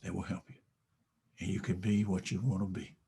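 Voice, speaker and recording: A man giving a motivational speech, telling a story dramatically and swinging from whispers to loud bursts. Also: deep voice, little pitch movement, fairly quick, vocal fry, a little hiss or hum. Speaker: motivational speaker.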